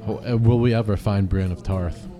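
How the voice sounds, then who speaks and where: A man co-hosting a podcast, chatting casually and recapping a TV show in a jokey, rapid-fire way. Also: fairly low pitch, steady tone, over music. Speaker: podcast co-host.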